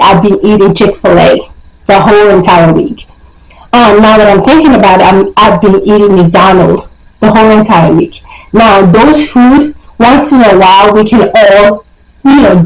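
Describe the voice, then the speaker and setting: A woman's voice: mid-range voice, reverberant, low-quality recording. A young woman talking to camera in a casual, emphatic way, giving life advice and often checking in with "okay?". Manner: emphatic, repeats points, coaxing "okay?". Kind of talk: casual motivational talk to camera.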